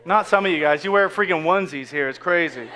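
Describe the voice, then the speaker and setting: A man's voice: fairly high pitch, fast, noisy background. A man in his thirties preaching a casual, joking sermon full of asides to the congregation. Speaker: pastor. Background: faint crowd.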